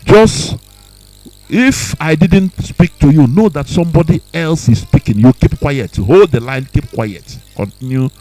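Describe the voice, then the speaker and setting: Guy hosting a call-in radio show, dark mellow voice, stern and scolding, repeats himself a lot. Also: on the high side, animated, measured pace, poor audio. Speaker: radio host.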